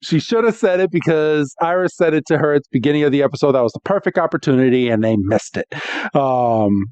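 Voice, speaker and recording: A man's voice: fairly high pitch, a little fast, clean tone, no room sound. A man co-hosting a podcast, recapping a cartoon episode in casual chat and acting out the characters' lines with energy. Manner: animated storyteller, acts out quotes. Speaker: podcast co-host.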